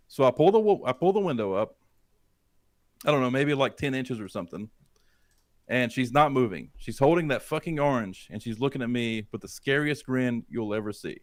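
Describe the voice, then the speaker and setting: A podcast co-host with a slightly high voice tells a creepy first-person story, swearing a lot and asking listeners questions to build suspense. It's clean studio sound from a dynamic mic, with no echo.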